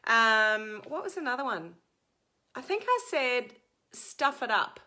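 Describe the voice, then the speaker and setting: Aussie lady doing a live stream, bright fairly high voice, chatty, lots of ums. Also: big pitch swings, a little slow. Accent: Australian. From Australia. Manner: chatty, answers viewer comments, frequent ums. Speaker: social media coach. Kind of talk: live-stream talk to viewers.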